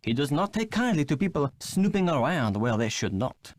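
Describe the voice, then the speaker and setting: A suave French ski instructor. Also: male voice, fairly high pitch, big pitch swings, moderate pace. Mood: flirtatious. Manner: suave, teasing, theatrical. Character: flirtatious French male ski instructor, charming. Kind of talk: video game voice acting.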